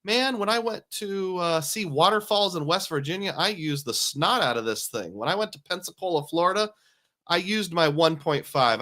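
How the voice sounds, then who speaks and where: A man's voice: fairly high pitch, sharp tone. A man hosting a casual livestream, talking in a chatty, jokey, self-deprecating way and reading out viewer comments. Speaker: host.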